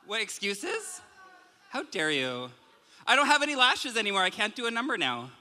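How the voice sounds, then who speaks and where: A man's voice: sits high, huge pitch swings, moderate pace, bright, forceful tone. A man of about forty, a drag performer, joking campily and bawdily from a live stage at her own roast. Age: turning forty. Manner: campy, bawdy, self-mocking, giggling. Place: live comedy venue with audience. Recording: hall reverb of a live venue.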